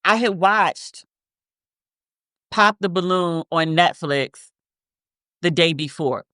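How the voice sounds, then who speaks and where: A woman's voice: lowish voice, slow, pushed and bright, no room sound. Rambling woman podcast host, dry sound. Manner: rambling, self-interrupting storyteller with frequent restarts. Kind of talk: casual chat.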